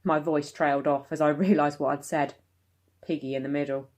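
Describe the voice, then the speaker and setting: Woman reading a bedtime story, calm and steady, low voice. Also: brisk. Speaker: story reader.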